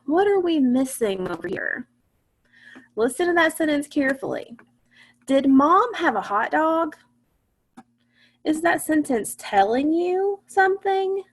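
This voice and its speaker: Gravelly-voiced woman teaching phonics. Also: sits high. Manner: patient, asks the class questions and answers them. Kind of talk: online phonics lesson.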